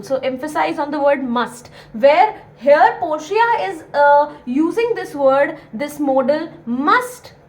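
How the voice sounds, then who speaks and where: A young female teacher explains a play to students earnestly, repeating key points and using many fillers. Her voice sits high, and the low-quality recording carries a little hiss or hum.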